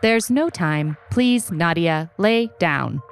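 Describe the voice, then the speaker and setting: A woman voicing a calm, polite robot caretaker. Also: lowish voice, clean tone, soft background music. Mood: urgent. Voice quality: soothing electronic tone. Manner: polite, measured. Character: calm household robot caretaker, soothing yet urgent. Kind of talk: audiobook reading.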